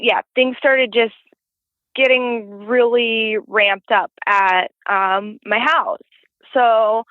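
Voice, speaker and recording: A woman with a fairly high voice calls in to share a paranormal story, telling it casually and rambling with heavy use of "like." It comes over a tinny, dry phone line with no echo.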